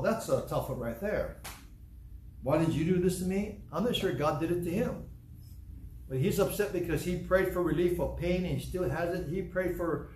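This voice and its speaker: A man's voice: on the high side, darkish tone. Earnest man preaching in an echoey hall. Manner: earnest, repeats key phrases slowly for emphasis. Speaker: pastor. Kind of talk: sermon. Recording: echoey room with faint background noise.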